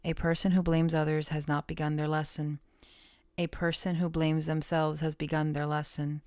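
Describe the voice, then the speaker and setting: Woman, tarot reader, casual reading, soft-spoken, musing, trailing off, low voice, dry. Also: flat delivery, moderate pace, clean tone, dry recording.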